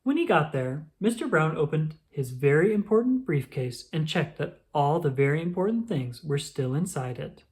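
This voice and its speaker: Low, lively woman reading a kids' story. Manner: expressive, slow and deliberate. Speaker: children's book reader. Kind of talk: storybook read-aloud.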